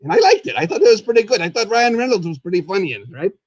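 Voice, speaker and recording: A man hosting a live puppet talk show as a goofy, chatty skeleton, rambling and excitable, and referring to himself in the third person. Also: sits high, racing, no room sound. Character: goofy skeleton host, male, chatty and silly. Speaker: host.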